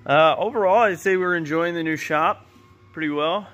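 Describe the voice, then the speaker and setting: A young man hosting a casual car vlog, talking excitedly and swearing casually. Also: fairly high pitch, normal speed, faint music behind. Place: outdoors at a garage and dyno shop.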